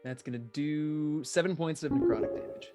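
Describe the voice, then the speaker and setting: A man playing a tabletop game, explaining his turn in a relaxed, chatty way. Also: on the high side, moderate pace, loud music behind the voice. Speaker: player. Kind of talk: casual tabletop play.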